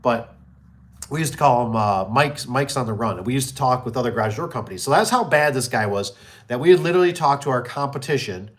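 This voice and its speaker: This small business owner chats on his live stream with a mid-range, animated voice at a quick clip. He tells meandering tales about his business, says things more than once, and performs the voices of those he quotes.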